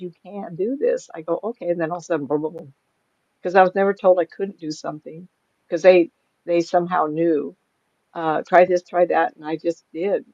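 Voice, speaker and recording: A woman's voice: mid-range voice, darkish tone, no room sound, highs cut off. An older woman, a psychic medium, chatting casually in an interview, rambling through stories and laughing often.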